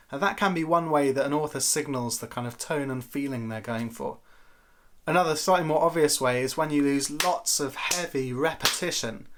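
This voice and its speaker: A man giving a conversational, lightly playful Bible teaching talk to camera for a church video series. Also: a little high.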